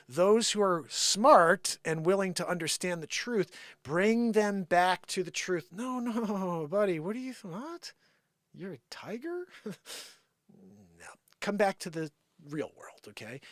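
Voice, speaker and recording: A man on a live stream delivers a sarcastic rant with a lively voice that swings high and low. His voice sits a bit higher than most men's, and the sound is dry and close with no room echo. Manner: animated, sarcastic, ranting. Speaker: live show host. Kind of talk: opinionated live-stream monologue.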